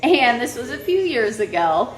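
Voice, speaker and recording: A woman's voice: on the high side, big pitch swings, normal speed. A young woman telling a crude, laughing storytime to her vlog audience in a casual way. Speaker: vlogger. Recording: echoey room with faint music.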